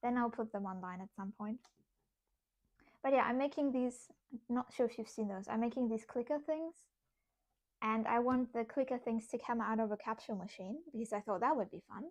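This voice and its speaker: A woman's voice: fairly high pitch, brisk. A young woman chatting casually on a craft livestream while answering chat, rambling and self-amused. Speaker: artist streamer.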